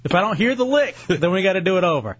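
High-voiced teasing radio host man. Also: animated, quick pace, a little hiss or hum. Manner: teasing, laughs often. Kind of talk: joking talk radio banter. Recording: dull lo-fi radio broadcast.

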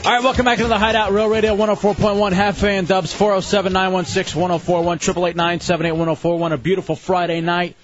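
A man hosting a radio show from the studio, fast and joking with callers and co-hosts. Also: sits high, level tone, over music. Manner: brash, joking, fast patter. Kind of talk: casual radio banter. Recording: slightly muffled radio broadcast.

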